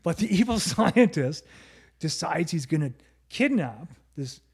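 A man's voice: a little high, big pitch swings, a little slow, vocal fry, breathy edge. A man chatting casually on a podcast, telling a story with plenty of swearing and laughter. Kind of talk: casual chat.

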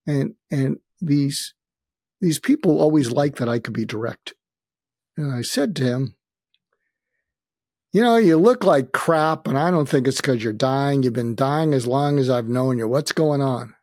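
A man's voice: mid-range voice, normal speed, dark tone, dry recording, studio quality. An older man, a guest on an interview show, telling candid personal stories with a wry touch and often quoting what others said to him. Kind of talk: reflective storytelling.

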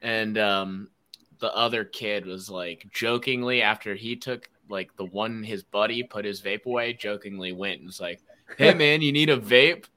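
A podcast host chatting casually, telling animated stories and mimicking people's voices. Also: male voice, fairly low pitch. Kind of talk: casual chat.

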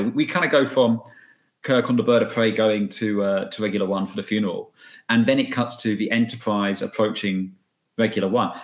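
A man guesting on a podcast, talking in a relaxed, rambling way about a comic book. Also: on the low side, echoey room. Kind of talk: casual podcast chat.

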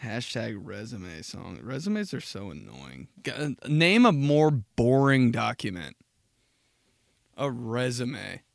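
A man's voice: medium pitch, very animated, takes it slowly, vocal fry, dry recording. A man in his twenties hosting a podcast, riffing in a casual comedic monologue, swearing freely and laughing at his own jokes. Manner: profane, laughs at his own jokes, jumps into mocking voices. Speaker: podcast host.

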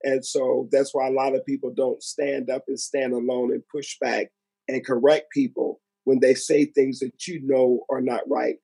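A man with a husky, mellow voice, slightly higher than most men, speaking earnestly on a discussion panel. His points come slow and emphatic, and the sound is dry and close. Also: dry recording, poor audio. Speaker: panel guest. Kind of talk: reflective discussion.

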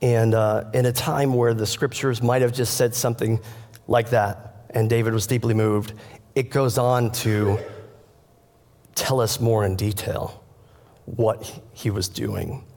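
A male pastor delivers a sermon at an ordinary middle pitch. He tells the scripture story earnestly and speaks straight to the congregation. His voice rings out with the long reverb of a church sanctuary. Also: fairly even intonation, measured pace, darkish tone.

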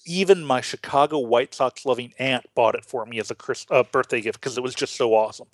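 A man's voice: mid-range voice, brisk, no echo. A man from Illinois hosting a Lutheran podcast, teaching in a casual chat with earnest, stammering restarts. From Illinois, USA.

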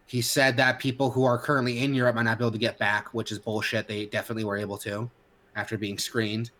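A man co-hosting a casual podcast, his voice at an ordinary middle pitch. He rants heatedly, stumbling through restarts and fillers as he talks. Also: flat delivery, fast, fairly bright tone. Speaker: podcast co-host. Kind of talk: casual opinionated chat.

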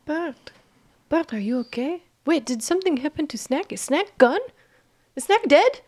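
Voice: sits high, animated, moderate pace, voice pushed up. A player voicing a very young child who asks worried questions one after another.

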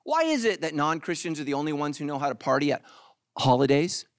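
Lively high-pitched man preaching. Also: fast talker, dry recording, studio quality. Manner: animated, joking, acts out the congregation in mock voices. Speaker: pastor. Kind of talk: sermon.

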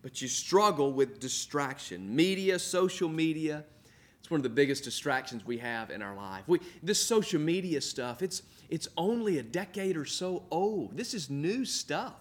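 A middle-aged man preaching with a voice pitched a little above the usual male range. He builds his points through repetition, leans on key words by drawing them out, and speaks as if addressing viewers directly through the camera from an indoor room. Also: expressive. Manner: earnest preaching with emphatic repetition, slowing for stress. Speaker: pastor. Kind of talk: sermon. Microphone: filmed for online viewers.

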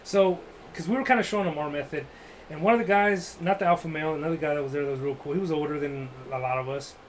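A man's voice: fairly high pitch, fast talker, a little hiss or hum, poor audio. A man telling a rambling, crude, joking story in casual chat, full of "like" and restarts.

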